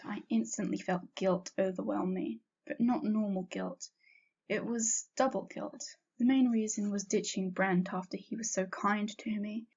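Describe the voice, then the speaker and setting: A woman reading a first-person fanfiction story aloud in a plain, steady narrating voice, in a dull lo-fi recording. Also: mid-range voice. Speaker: fanfiction reader.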